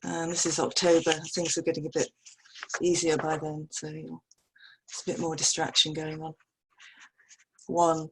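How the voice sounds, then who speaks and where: A woman poet giving a measured, deliberate reading of her fragmented verse over a video call from home. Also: low voice, monotone, fairly bright tone, slightly rough, poor audio. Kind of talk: poetry reading.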